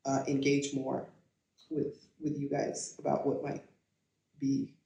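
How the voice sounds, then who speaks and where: A middle-aged woman from Kenya co-hosting a podcast in casual chat, animated, laughing often and restarting her sentences. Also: extremely low pitch, slow. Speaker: podcast co-host. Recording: echoey room.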